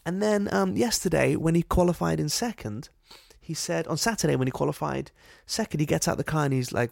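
A podcast co-host chatting casually and comically, slipping into silly voices and sound effects. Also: male voice, a little high, animated, brisk, gravelly, hardly any pauses, darkish tone, dry recording, clean studio sound. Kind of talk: casual comedic chat.

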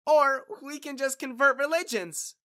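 A man voicing a possessive young woman who protests in a shrill voice. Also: fairly even intonation, a little slow, sharp tone, exaggerated voice. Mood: protesting.

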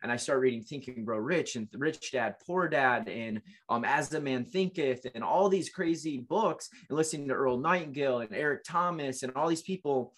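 An interview guest in his late twenties talks through his life story, earnest and emotional, restarting frequently. He speaks at a normal speed with few pauses, in a medium-pitched and fairly bright voice.

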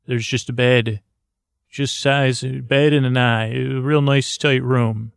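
Gravelly deadpan man rambling through a story. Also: mid-range voice, takes it slowly, no echo, clean studio sound. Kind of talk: improvised comic story narration.

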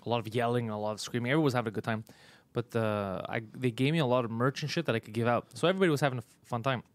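Fast-talking, teasing, profane man. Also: medium pitch, steady tone, no room sound. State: tired from travel. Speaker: comedian and podcast host. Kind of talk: casual livestream chat.

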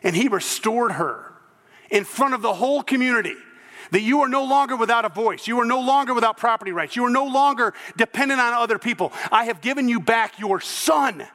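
A male pastor preaching a sermon, animated and throwing in joking asides. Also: very high-pitched, fairly quick, long reverb tail.

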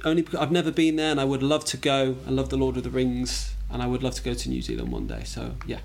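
A man's voice: medium pitch, animated, quick pace, creaky. A man from England, a podcast guest chatting casually and self-deprecatingly, with hesitant fillers and easy laughter. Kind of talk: casual interview chat.

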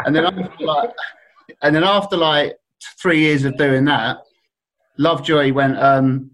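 A man's voice: a little high, steady tone, normal speed, a bit bright, low-quality recording. A man from Surrey, a guest on a casual podcast, telling stories and acting out other people's voices. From Surrey, England.

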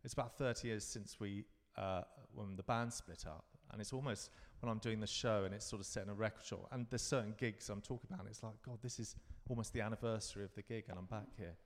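A man in his fifties from London, chatting as a guest in a live interview. He tells reflective, wandering stories, often restarting his sentences, in a low voice. A long reverb from the venue trails behind him. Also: fairly even intonation, fast talker, hardly any pauses. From London, England. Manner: rambling, reflective storytelling with frequent restarts. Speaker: guest performer.

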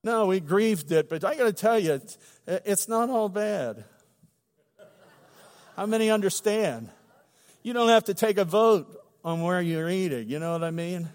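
Middle-aged male pastor, higher voice, chatty joking sermon in a church with long reverb. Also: expressive, measured pace. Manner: conversational and humorous, with emphatic swells. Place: church sanctuary.

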